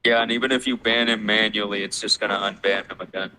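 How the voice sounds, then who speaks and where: A man's voice: fairly low pitch, flat delivery, quick pace, pushed and bright, slight background noise. A man moderating an online voice chat, talking casually in a laid-back, slangy way.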